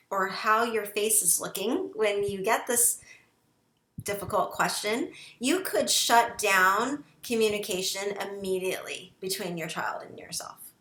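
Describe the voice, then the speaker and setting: A woman's voice: mid-range voice, pushed and bright, reverberant. A woman teaching parents in an encouraging instructional talk, often checking in with the listener. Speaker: parent educator.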